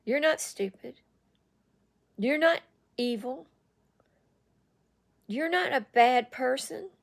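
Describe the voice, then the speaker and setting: A woman with a slightly high voice gives an earnest talk straight to the listener. She circles back and repeats phrases to drive her point home. Her delivery stays direct and personal. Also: animated, slow pace, vocal fry. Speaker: online speaker on addiction recovery.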